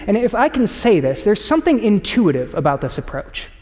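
A man delivers a sermon in a casual, storytelling way and acts out little exchanges. His voice sits high for a man. A long reverb trails behind him, like a church auditorium. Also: fast, hardly any pauses. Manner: conversational, animated storytelling with acted quotes. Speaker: pastor. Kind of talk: sermon to a congregation.

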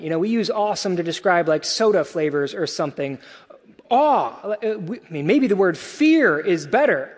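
A male pastor preaching a sermon in a conversational, animated way, with casual asides. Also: high-pitched, long reverb tail.

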